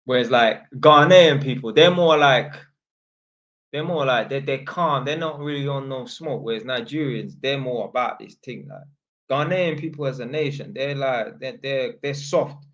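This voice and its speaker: A man's voice: medium pitch, moderate pace, a bit bright, highs cut off. A man from North London with a London accent, hosting his channel in slangy, rambling casual talk. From North London, England. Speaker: channel host. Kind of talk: casual livestream chat.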